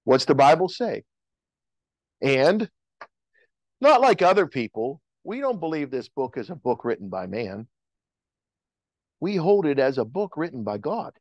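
A man's voice: on the high side, a little mellow, dry recording. A male pastor preaching a sermon in church, with impassioned rises and calls to the congregation. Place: church sanctuary.

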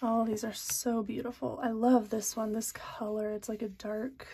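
A young woman talks casually and with excitement about planner stickers, as if chatting with friends. Her voice sits a little high, and she fills her pauses with um and light laughs. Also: vocal fry, breathy edge. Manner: chatty and enthusiastic, laughs and says um often. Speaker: planner channel host. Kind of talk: casual product flip-through.

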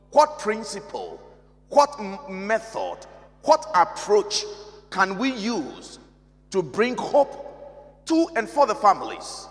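A male pastor preaching a sermon in a large church, measured and emphatic, repeating key phrases. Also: sits high, a bit bright. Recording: long reverb of a church hall.

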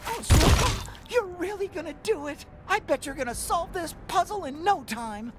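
A jittery little alien doctor gushes in a high, bouncing voice. He is nervous and endlessly grateful, with game music in the background. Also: lively intonation, normal speed. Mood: gushing. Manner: frantic, gushing. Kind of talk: video game dialogue.

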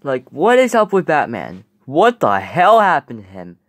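A man voicing characters in a comedy skit, rowdy and exasperated, swearing and yelling often. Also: a little high, huge pitch swings, unhurried, dry recording, clean studio sound.

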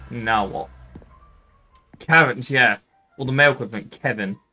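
A man's voice: mid-range voice, moderate pace, bright, forceful tone, faint music behind. A man streaming a game, casually commenting, joking and swearing at the characters.

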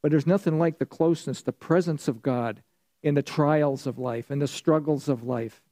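A man leads a church Bible study with a mellow, warm tone set a little high for a man. He talks conversationally, puts questions to the class and then answers them himself. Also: moderate pace. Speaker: pastor.

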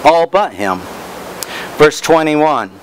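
A man's voice: a little high, lively intonation, slow pace, a little hiss or hum, rough recording. A man preaching a Bible study, reading verses aloud and stressing words as he explains them.

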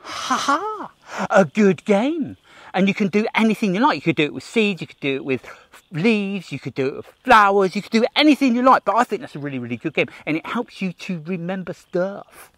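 With big pitch swings, a fairly bright tone, and a slightly fast pace, an Australian man eagerly hosts an outdoor nature-walk livestream for children. He addresses the viewer directly, jokes, and gasps at finds, with no room sound in the recording.

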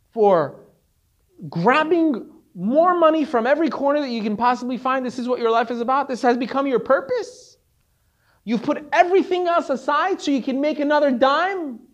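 A man's voice: very high-pitched, moderate pace. A man playing a stern, scolding old rabbi. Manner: scolding, rhetorical questions. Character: stern older male rabbi scolding his student.

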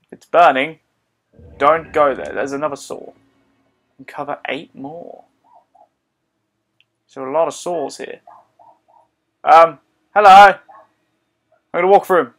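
A man commenting on his own gameplay in an excitable, joking way, often exclaiming to himself. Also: fairly high pitch, a little slow, pauses often. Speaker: gaming video host. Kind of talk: let's play commentary.

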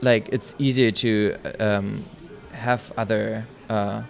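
A man's voice: on the low side, fairly even intonation, takes it slowly, vocal fry, faint music behind. A young man from East Germany, a guest answering casual interview questions hesitantly. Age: young adult. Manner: hesitant, many fillers.

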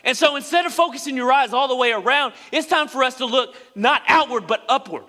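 Male pastor, sermon, dramatic delivery; bright, forceful tone, long church reverb. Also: very high voice, a little fast. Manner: dramatic, acts out quoted speech. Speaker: preacher. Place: church sanctuary.

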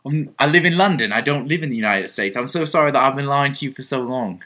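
A man's voice: medium pitch, lively intonation, fast talker, bright, forceful tone. A young man vlogging a comic mock confession, rambling and mock-earnest, stumbling over restarts. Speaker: vlogger on a group channel.

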